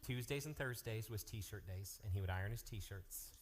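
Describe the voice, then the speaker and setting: A man working as a youth pastor, making lively, joking announcements and telling stories to a live youth group. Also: on the low side, normal speed. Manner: energetic, joking, jumps between topics.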